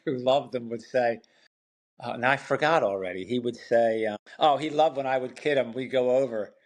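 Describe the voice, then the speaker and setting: A man's voice: mid-range voice, moderate pace. An older man, a podcast guest, sharing family memories with dry, teasing humor. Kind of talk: casual family storytelling.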